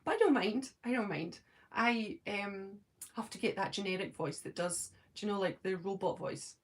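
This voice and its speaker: Chatty Scottish woman reading chat. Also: mid-range voice. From Scotland. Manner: chatty, talks fast when excited, frequent ums. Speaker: live-stream host reading chat. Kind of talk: casual live-stream chat.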